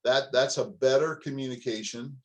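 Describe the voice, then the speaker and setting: Leadership is the theme as a middle-aged man coaches and motivates his listeners, whom he calls "folks." His voice is medium in pitch at an ordinary speed, and he speaks emphatically and directly, throwing out rhetorical question after rhetorical question.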